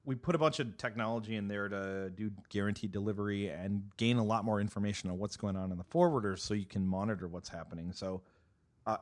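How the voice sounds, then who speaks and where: A man co-hosting a casual tech podcast, joking and making playful asides, sometimes trailing off quietly. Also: fairly low pitch, dry recording. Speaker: podcast co-host.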